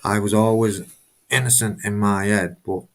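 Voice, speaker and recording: A man's voice: fairly low pitch, fairly even intonation, moderate pace. Rambling, emphatic man on a live stream. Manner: rambling, emphatic, repeats himself, swears. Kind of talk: casual live stream chat.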